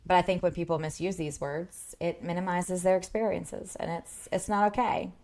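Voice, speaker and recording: An earnest woman therapist co-hosting a podcast over a video call, her voice set a touch low. She explains things patiently and is eager to teach. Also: fairly even intonation, moderate pace, darkish tone. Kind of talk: casual podcast chat.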